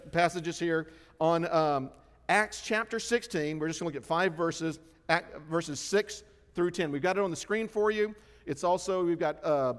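A man pastor preaching a sermon, telling a story with lively swings between soft and loud. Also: sits high, big-room sound. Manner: storytelling, animated swings in loudness. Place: church sanctuary.

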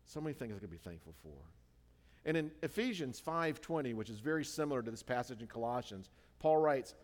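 A preacher with a mid-range voice and lively intonation delivers a sermon fairly quickly in a reverberant hall. His style is conversational and informal, full of fillers and self-corrections.

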